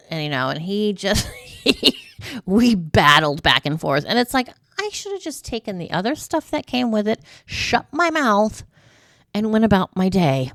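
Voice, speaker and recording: A woman's voice: medium pitch, very animated, unhurried, fairly bright tone, dry recording. A middle-aged woman chatting casually to the camera as a vlogger, rambling through stories with asides and fillers. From United States.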